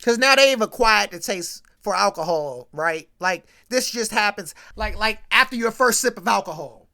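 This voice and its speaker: Animated woman ranting. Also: mid-range voice, normal speed, vocal fry. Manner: animated, slangy storytelling. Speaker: host recapping a sitcom episode. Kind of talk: casual comedic rant.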